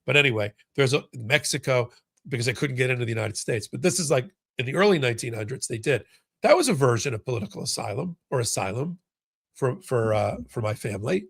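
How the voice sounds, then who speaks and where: A man's voice: medium pitch, expressive, fast, creaky, a bit bright, husky, dry recording, clean studio sound. A man hosting a casual live-stream about a court case, chatting and reading out viewer comments with frequent restarts. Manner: conversational, reads viewer comments aloud, many restarts. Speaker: legal commentary host.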